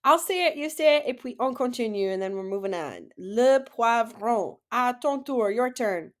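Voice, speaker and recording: A woman French teacher leading a classroom-style lesson, saying words slowly for students to repeat and praising their answers. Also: on the high side, expressive, a bit bright. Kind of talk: classroom lesson, slow model pronunciation.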